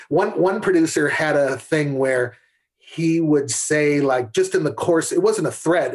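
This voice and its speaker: Husky middle-aged man telling set stories. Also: on the high side, darkish tone. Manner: candid anecdotal storyteller with frequent restarts. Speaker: podcast guest, camera assistant. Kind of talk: conversational storytelling.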